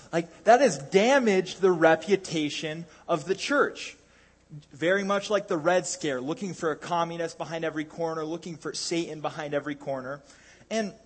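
A man's voice: fairly high pitch, breathy edge. A man preaching a sermon in a conversational way, with jokey asides and frequent restarts.

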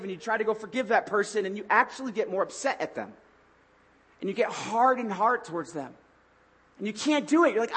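A young adult man preaching a sermon in an animated, conversational way, acting out his own lines as he tells a story. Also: sits high, breathy edge. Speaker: pastor.

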